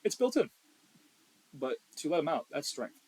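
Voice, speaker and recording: A young man co-hosting a podcast in casual chat, blunt and profane, swinging between loud emphasis and quiet asides. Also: a little high, big pitch swings, normal speed, slightly rough, rough recording. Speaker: podcast co-host.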